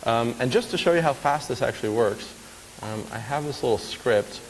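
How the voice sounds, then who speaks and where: A man talks through a live software demo in a casual, chatty way, often asking the audience if they follow. His voice sits at an ordinary middle pitch. It carries the long reverb of a big lecture hall, with a faint hiss underneath. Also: normal speed. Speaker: conference speaker. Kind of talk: live technical demo talk.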